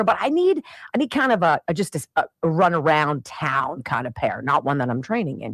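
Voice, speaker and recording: A middle-aged woman hosting a radio show, telling a family story in an animated, exasperated way and acting out the voices of the people in it. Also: fairly low pitch, no room sound. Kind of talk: storytelling monologue.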